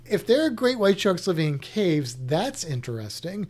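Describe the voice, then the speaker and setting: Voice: mid-range voice, sing-song, normal speed, darkish tone. A science educator chatting casually, thinking aloud with restarts and a skeptical tone. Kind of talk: casual chat reacting to a show lineup.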